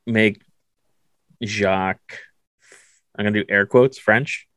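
A lower-voiced male host chats with a guest in a jokey, easygoing way. His voice sounds close and dry, with no room echo. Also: animated, slow pace, pauses often, a bit bright, clear, resonant tone. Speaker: podcast host. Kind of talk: casual interview talk.

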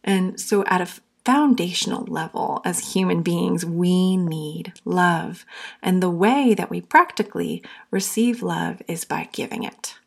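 A young woman talks earnestly on her podcast, her low voice full of gravelly fry. She speaks openly and warmly to the listener and is at times close to tears. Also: measured pace. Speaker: podcast host. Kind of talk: heartfelt solo podcast talk.

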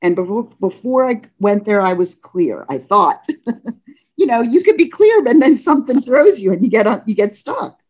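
A woman telling a personal story in a casual, halting way, with restarts, acting out what people said with big jumps in pitch. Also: breathy edge. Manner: animated, acts out dialogue with pitch leaps; halting, frequent restarts and self-corrections.

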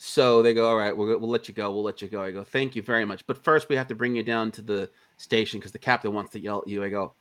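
A lowish-voiced man speaks fast with few pauses. As an indie filmmaker under interview, he tells an extended anecdote in relaxed, profane terms, acting out the other people's lines with animation.

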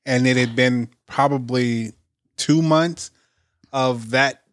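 A man co-hosts a laid-back podcast and chips in with relaxed, agreeable replies. He also tells stories of his own in an easygoing way. His mid-pitched voice sounds close and dry. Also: slow pace, no room sound. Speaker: podcast co-host. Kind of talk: casual chat.

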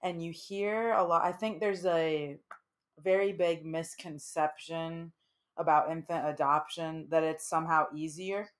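Brief: deep-voiced woman co-host, thoughtful casual chat. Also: fairly even intonation, unhurried. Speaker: podcast co-host. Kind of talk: casual conversation.

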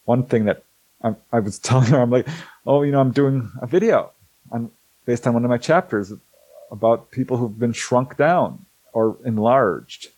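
A middle-aged man telling stories in a casual, animated way, acting out the people he quotes and laughing often. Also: medium pitch, normal speed, dry recording, rough recording. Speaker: host, author on alien abduction cases. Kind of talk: casual storytelling talk.

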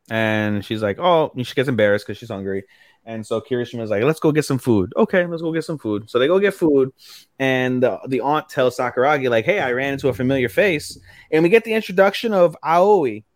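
A man's voice: medium pitch, no room sound. A young man in casual podcast chat, walking through anime plots scene by scene and slipping into the characters' lines as he goes. His voice sits in a plain middle range. It is recorded close and dry, with no room sound. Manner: retells scenes with quoted character lines, repeats himself for emphasis. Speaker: podcast co-host.

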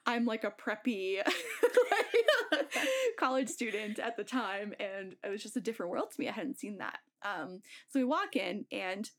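A woman's voice: mid-range voice, big pitch swings, a little slow, fairly bright tone. A young woman casually telling a story on a podcast, laughing often and acting out the voices she quotes.

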